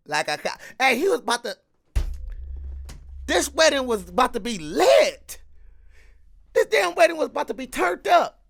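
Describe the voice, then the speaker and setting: A man reacting to a story in loud, joking casual commentary, laughing and breaking into sing-song. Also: extremely high pitch, sing-song, moderate pace, creaky, pauses often.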